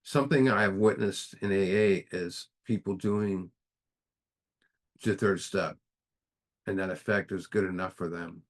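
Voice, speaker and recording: A man's voice: sits low, fairly even intonation, a little slow, pauses often. A man speaking earnestly and plainly while leading a recovery book study. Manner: earnest, plain-spoken, emphatic. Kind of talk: recovery meeting talk.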